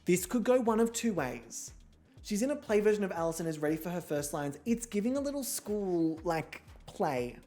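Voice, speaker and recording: A man's voice: high voice, very animated, moderate pace, dark tone, soft background music. A young man hosting a model-show game, chatting casually in a campy, self-mocking way and swearing often. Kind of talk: casual gameplay commentary.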